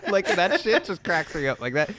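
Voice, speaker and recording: A man's voice: high voice, sing-song, normal speed, crowd noise. A man co-hosting a casual podcast, rambling through movie stories with fillers and crude jokes. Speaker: podcast co-host. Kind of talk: casual chat.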